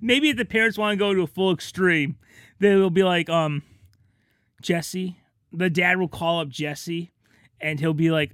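A man with a high, bright voice chats casually and riffs on absurd comic scenarios. The sound is close and dry, with no room around it. He jumps into silly character bits as he talks. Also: unhurried, clear, resonant tone, dry recording. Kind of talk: casual comedic chat.

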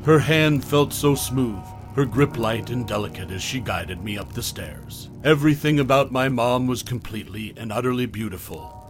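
A man narrating a horror story in a soft, hushed storytelling voice, often trailing off low at the ends of lines. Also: normal speed, hardly any pauses, faint music behind.

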